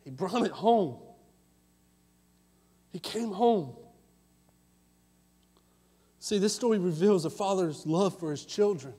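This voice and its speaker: A preacher with a very high voice, pleading and passionate, dropping to hushed tones and then rising to calls. His sermon rings with a long reverb through a church sanctuary. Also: animated, slow pace, pauses often, husky. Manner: impassioned, swings between loud calls and hushed asides.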